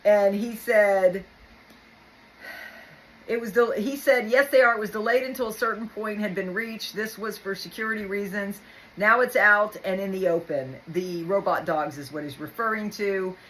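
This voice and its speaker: A woman's voice: mid-range voice, moderate pace, fairly bright tone, slight background noise, rough recording. A woman hosting a casual summary stream, chatty and a little tired, reading out other people's posts between her own remarks. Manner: chatty, reads out quotes from others. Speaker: host.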